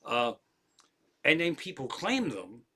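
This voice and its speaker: A man's voice: mid-range voice, slow pace, a little hiss or hum. A man, a comedian, streaming live from an armchair at home and telling rambling stories peppered with swearing. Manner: profane, animated anecdotes with frequent swearing. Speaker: comedian hosting a livestream. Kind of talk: casual rambling storytelling.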